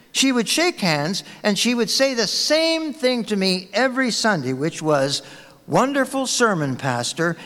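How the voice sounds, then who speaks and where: Pastor, male, sermon: anecdotal and conversational, animated, a little high, in a long-reverb hall. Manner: storytelling, conversational, warm anecdotes.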